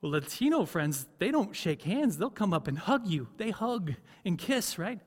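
A man's voice: high-pitched, very animated, normal speed, husky, big-room sound. A man preaching a sermon as pastor, conversational, often asking the congregation questions. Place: church.

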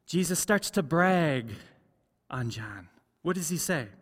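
A man's voice: on the high side, expressive, moderate pace. A man preaching a sermon as pastor, earnest, repeating key phrases for emphasis. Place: large church sanctuary. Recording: long church reverb.

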